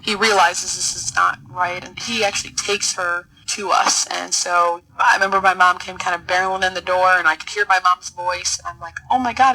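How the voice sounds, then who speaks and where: A middle-aged woman guest telling a personal story in an interview, earnest and halting, often repeating words as she searches for them. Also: fairly low pitch, bright, forceful tone, low-quality recording. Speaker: podcast guest, military officer.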